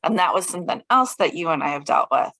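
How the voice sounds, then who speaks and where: A woman's voice: fairly low pitch, expressive, fast talker, a bit bright, poor audio. A woman co-hosting a podcast in casual chat, thoughtful, with hesitant starts. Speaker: podcast co-host.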